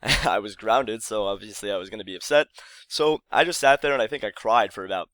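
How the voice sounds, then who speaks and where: A young man tells a childhood story to his viewers in a loose, rambling way, often pausing to correct himself. His voice sits slightly low. The sound is dry and close to the mic. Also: a bit bright, dry recording. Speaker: vlogger. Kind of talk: casual storytelling to camera.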